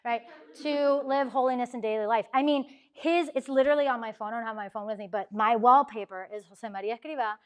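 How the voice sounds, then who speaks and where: A woman speaks to a university ministry gathering, her voice sitting a little high. She tells her story with energy, acting out each voice she quotes and scattering "like" through her sentences. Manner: animated, acts out quoted dialogue, frequent "like" fillers. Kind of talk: lively storytelling talk. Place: university talk room.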